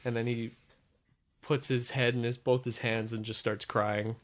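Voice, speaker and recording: A man's voice: mid-range voice, level tone, measured pace. A man with an ordinary mid-range voice narrates his character's actions at a tabletop game. He tells it earnestly, step by step, leaning on fillers. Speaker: player.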